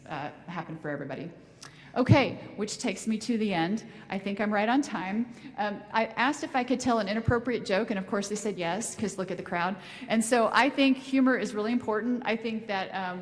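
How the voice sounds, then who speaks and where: Woman, ceremony speaker, chatty and informal, mid pitch, long hall reverb. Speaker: speaker at a fire service ceremony. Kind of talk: public speech with a told joke.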